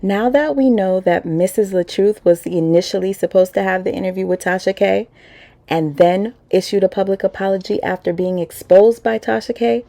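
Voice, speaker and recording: A woman's voice: mid-range voice, moderate pace, gravelly, mellow. A woman hosting a commentary channel, narrating with pointed, emphatic delivery. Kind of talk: scripted commentary.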